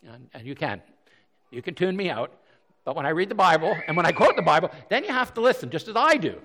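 A man delivers a sermon with a high, lively voice that swoops up and down as he preaches. He talks in a conversational, animated way, restarting phrases and adding self-deprecating asides. His voice rings out with a long hall reverb. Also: fast, slight background noise. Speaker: pastor.

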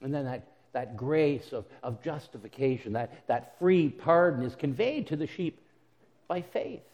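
A man with a high, light voice delivers a sermon. He speaks earnestly and often stumbles into repeated words. Between his own points he voices the words of God and Jesus. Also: animated, a little slow, a little mellow, in a large hall. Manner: earnest preaching with frequent word repeats, voicing God's and Jesus' words. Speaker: pastor.

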